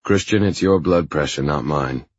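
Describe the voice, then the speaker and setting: A man reading an audiobook, voicing a patient male therapist who speaks in a measured, reassuring way. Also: a bass voice, breathy edge, dry recording, lo-fi sound. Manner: measured, reassuring, slightly exasperated.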